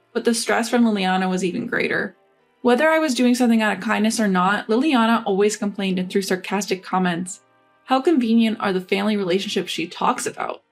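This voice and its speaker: A woman telling a first-person story in a measured, matter-of-fact way. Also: medium pitch. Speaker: narrator. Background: faint music.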